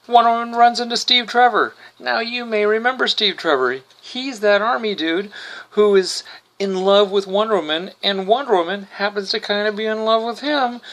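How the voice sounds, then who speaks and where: Male podcast host, sarcastic recap style, bright and crisp tone. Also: high voice. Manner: wry, sarcastic asides. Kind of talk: casual comic recap.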